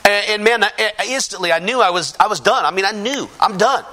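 A man giving a personal testimony in a halting, earnest way, with many restarts and fillers, growing fervent and emphatic. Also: high voice, pushed and bright.

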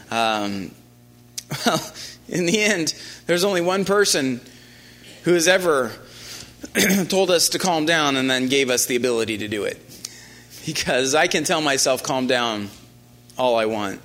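A man preaching a conversational sermon, often restarting phrases and dropping into a quiet, low voice for quoted lines.

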